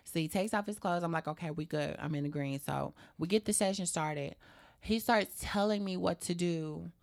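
A woman's voice: on the low side, normal speed, creaky. A young adult woman telling a personal story in a casual interview, acting out the dialogue and swearing freely. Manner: animated, acts out quoted dialogue, swears freely.

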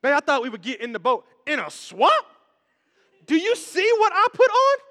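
A man voicing a fed-up young woman, loud and scolding. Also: extremely high pitch, wildly swooping pitch, normal speed, in a large hall, voice pushed up, full character voice.

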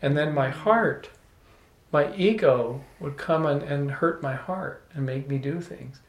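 A man telling a personal story to a small audience, animated, often laughing and restarting his words. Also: on the high side, unhurried. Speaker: salon speaker. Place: room with a small live audience. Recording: echoey room.

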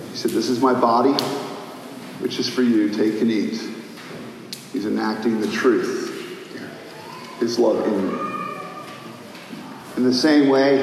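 A man's voice: medium pitch, far from the mic. Pastor, man, fervent sermon delivery, big reverberant sanctuary sound, faint room noise. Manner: impassioned, swinging between shouting and hushed prayer. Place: church sanctuary. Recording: echoey hall, faint ambience.

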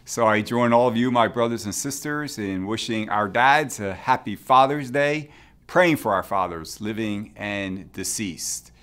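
A man speaking as a bishop, giving a short reflection in a gentle, measured pastoral way with phrase ends that drop softly. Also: lowish voice, clean tone. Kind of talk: short spoken sermon reflection.

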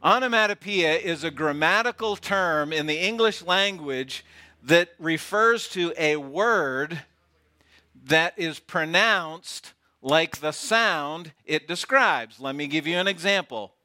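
Brief: male pastor, sermon delivery, bright tone, slow deliberate pace, playful asides. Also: a little high, lively intonation. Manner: playful, teasing, drops to a hush for effect. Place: outdoor gathering with camp chairs.

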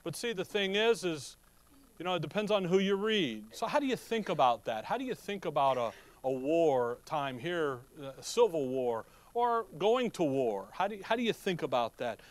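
Folksy preacher man, fairly high voice. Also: lively intonation, moderate pace. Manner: folksy, joking asides, rhetorical questions. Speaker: pastor. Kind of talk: sermon.

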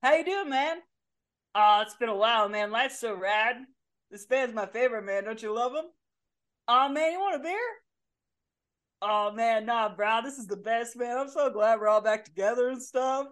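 A woman's voice: on the high side, normal speed, close to an everyday voice. A woman voicing a laid-back male band manager, a surfer bro with a froggy, Kermit-like voice and drawling slang. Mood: stoked.

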